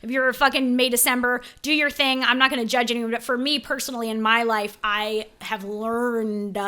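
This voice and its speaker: A woman's voice: fairly high pitch, fairly even intonation, normal speed, sharp tone, clear, resonant tone. A woman in her twenties co-hosting a podcast, telling a story in a rambling, self-interrupting way and swearing freely. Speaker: podcast co-host. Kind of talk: casual chat.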